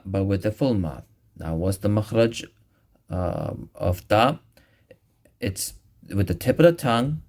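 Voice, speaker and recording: A man teaching a recorded Quran recitation lesson, patiently explaining where each sound is made and repeating each one slowly. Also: on the low side, darkish tone.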